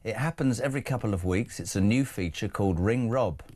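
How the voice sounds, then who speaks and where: A man's voice: fairly low pitch, fairly quick, dark tone. A man hosting a live breakfast talk radio show, chatty with wry asides while reading out listener messages.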